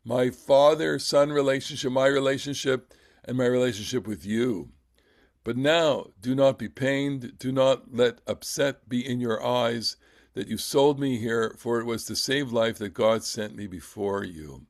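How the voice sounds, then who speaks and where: A man's voice: medium pitch, fairly even intonation. A man teaching a scripture class who reads the passage aloud and then talks it over. His delivery is theatrical, full of stammered restarts. The sound is dry and close, with no room echo. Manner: theatrical, repeats words, halting restarts. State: emotional, voice catching. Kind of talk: text study class, reading and commenting.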